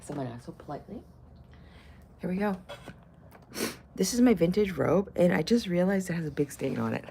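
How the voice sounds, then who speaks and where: A woman in her fifties chatting casually to camera as a vlogger, loud and playful, with crude jokes and swearing. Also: on the low side, animated, moderate pace, vocal fry, long pauses, slight background noise. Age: 50s. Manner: loud and playful, swings to loud bursts and whispers.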